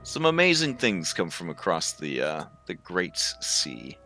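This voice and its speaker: A man's voice: low-pitched, wildly swooping pitch, a little slow, pushed and bright, faint music behind, pitched below the performer's own voice, heavily acted. A man voicing a scowling, wealthy male noble hosting a dinner, politely formal with small hesitations. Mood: courteous.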